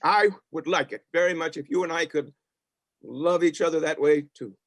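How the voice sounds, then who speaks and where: A man's voice: a little high, normal speed, no echo. An actor playing a reformed, once-stingy old boss who now speaks earnestly and emotionally to his family and employee. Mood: heartfelt. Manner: earnest, emotional, sometimes hushed. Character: reformed old miser boss, newly warm. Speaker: stage actor. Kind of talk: community theatre acting.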